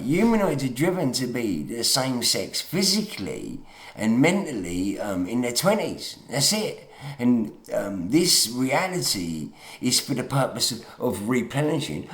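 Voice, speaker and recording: Tired, ranting man in a roomy space. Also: medium pitch. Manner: ranting, emotional, repeats "mate". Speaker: online talker. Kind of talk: late-night monologue rant.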